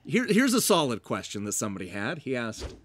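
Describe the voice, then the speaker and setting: A man's voice: medium pitch, wildly swooping pitch. A man co-hosting a casual game review chat, reading viewer comments and laughing often. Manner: slow, deliberate delivery with frequent laughter.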